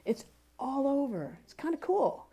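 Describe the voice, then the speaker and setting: Higher-voiced woman minister preaching. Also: very animated, unhurried, dark tone. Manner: conversational, telling personal stories; encouraging, speaks to the congregation. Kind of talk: sermon. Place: spiritual community center service.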